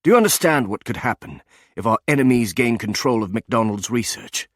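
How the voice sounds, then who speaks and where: A man voicing a stubborn intelligence officer with a German accent who speaks softly but coldly. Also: mid-range voice, lively intonation, fairly quick, no room sound, studio quality, lightly acted. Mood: stern. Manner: soft, chilling, stubborn.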